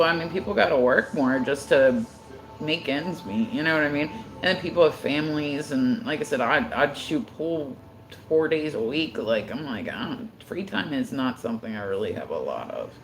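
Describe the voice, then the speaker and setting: A woman's voice: low-pitched, animated, normal speed, echoey room, slight background noise, poor audio. A woman chatting casually on her livestream, rambling with constant filler words and frequent swearing.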